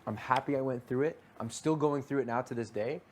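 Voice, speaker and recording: A man's voice: medium pitch, a little hiss or hum. A young man chatting casually late at night, rambling with lots of "like" and "you know". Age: young adult. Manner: fast, rambling, heavy on fillers. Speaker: reality show houseguest.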